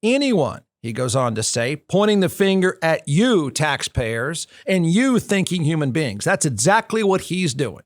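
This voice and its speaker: A man's voice: fairly high pitch, big pitch swings, unhurried, few pauses, no echo, studio quality. A male talk show host giving snarky, combative political commentary, hammering his points with repetition. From United States. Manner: snarky, combative, repeats phrases for emphasis.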